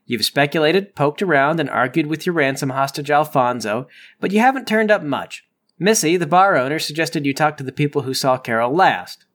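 A man narrates as game master of a tabletop game in a high, lively voice that rises and falls a lot. His delivery is wry and playful. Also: normal speed.

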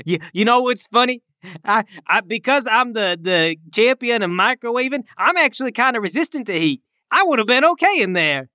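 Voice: mid-range voice, animated, moderate pace, bright, forceful tone, no echo, studio quality. A player acting out their character with frantic, over-the-top comic delivery in a tabletop game.

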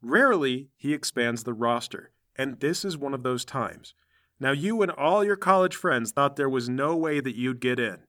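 A man's voice: mid-range voice, animated, normal speed, fairly bright tone. A man narrating a second-person story in a casual, conversational way.

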